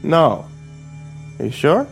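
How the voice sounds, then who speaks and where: A man's voice: fairly high pitch, animated, moderate pace, faint music behind, pitched above the performer's own voice, lightly acted. A man voicing a cruel, mocking middle-aged sheriff who drawls his threats in a horror story. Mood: menacing.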